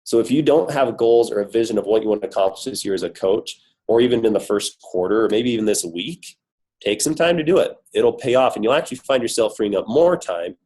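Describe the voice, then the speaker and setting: A man's voice: on the low side, a little fast, a little mellow, rough recording. A man with a cold giving an upbeat, emphatic motivational talk on a team coaching call, full of rhetorical questions. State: has a cold, voice worn. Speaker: corporate guest speaker on a team call.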